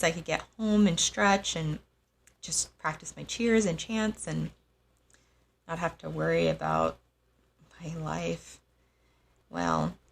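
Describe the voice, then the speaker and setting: Low, gravelly young woman, halting. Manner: halting, soft-spoken, with frequent pauses and fillers. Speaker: host. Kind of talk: personal storytelling monologue.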